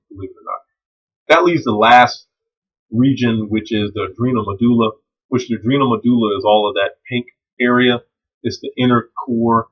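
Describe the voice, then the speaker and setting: A man walks through a biology lab lesson in a laid-back, joking way, throwing in slang and filling pauses with ums. His voice sits a little low and sounds husky. The recording is dull and lo-fi. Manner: relaxed and jokey, with slang and frequent ums. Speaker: biology instructor. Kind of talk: casual recorded lecture.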